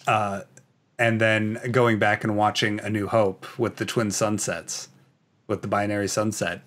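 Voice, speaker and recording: A man's voice: lowish voice, level tone, a little slow, fairly bright tone. A man from Canada hosting a casual podcast, reading out viewer comments in a rambling, filler-heavy, enthusiastic way. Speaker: podcast host.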